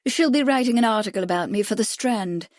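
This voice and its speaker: A woman's voice: medium pitch, a little fast, no echo, clean studio sound, lightly acted. A woman voicing a glamorous, teasing actress who is playing hostess, in a storybook reading. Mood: gracious. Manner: playful, gracious.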